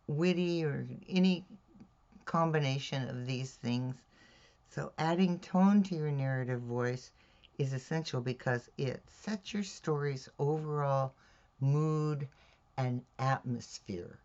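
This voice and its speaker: A woman teaching mystery writing in a measured, deliberate way, checking in with her listeners as she explains. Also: rumbling low, a little mellow. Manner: measured, deliberate, with "all right?" check-ins. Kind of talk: instructional talk on writing craft. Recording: dull lo-fi recording.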